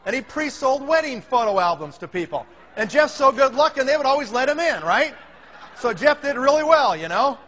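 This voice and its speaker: A man's voice: high-pitched, sharp tone. A man giving a motivational talk to a conference audience, telling stories energetically and checking in with the crowd as he goes. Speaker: company leader speaking at a business conference. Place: large conference hall before a live audience. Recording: reverberant large hall.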